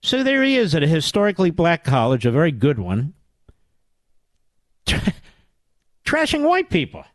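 Older male radio host from Philadelphia, emphatic sarcastic delivery, pitch rises and falls widely. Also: huge pitch swings, normal speed, long pauses, no echo. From Philadelphia area, US. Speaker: radio talk show host. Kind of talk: political talk radio monologue.

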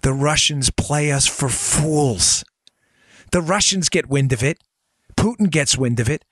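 A man hosting a political podcast, ranting with sarcasm and excitement. His voice is bright and forceful, a little high for a man, and recorded close and dry. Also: measured pace, no echo. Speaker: podcast host. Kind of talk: political commentary.

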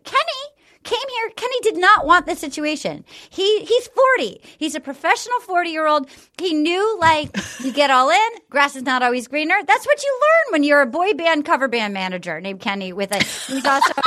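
A bright, high-pitched woman hosts a podcast, her voice leaping up and down as she tells the story. She talks in a quick, gossipy way and acts out the quotes. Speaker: podcast host. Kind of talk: casual chat, animated recap.

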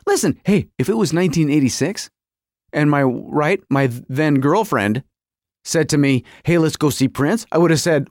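Middle-aged male podcast host, lively swooping delivery, dry close-miked sound. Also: fairly high pitch, normal speed, no echo. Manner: animated, exaggerated storytelling with quoted voices. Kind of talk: comic storytelling monologue.

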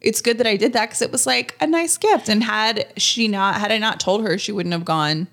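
A woman in her thirties hosting a podcast in casual chat, chatty and animated as she tells stories. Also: mid-range voice, moderate pace, creaky. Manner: chatty, animated storytelling, acts out quotes. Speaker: podcast host.

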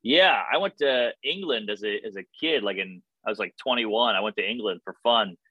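A man's voice: fairly low pitch, moderate pace, husky, dry recording, muffled recording. An American man in his thirties, a comedian guest telling laid-back stories in casual chat. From United States. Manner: laid-back anecdotal storytelling.

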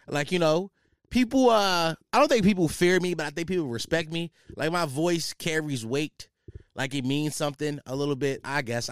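A young man hosts a laid-back solo podcast, rambling through a profane, slang-heavy story about his job. His voice sits on the high side, recorded dry with clean studio sound.

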